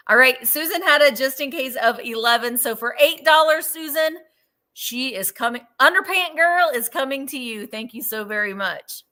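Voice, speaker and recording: A chatty woman hosts a live vintage sale. Her voice sits fairly high and rings bright and forceful. She talks casually and walks through every item in detail. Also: lively intonation, moderate pace. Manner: chatty, laughs easily, describes items in detail. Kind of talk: casual live-stream selling.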